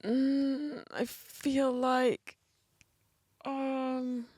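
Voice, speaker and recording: A woman's voice: high voice, little pitch movement, drawn-out words, darkish tone, no echo, studio quality. A woman co-hosting a casual podcast, giving short offhand guesses with casual swearing. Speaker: podcast co-host. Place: home, on a couch.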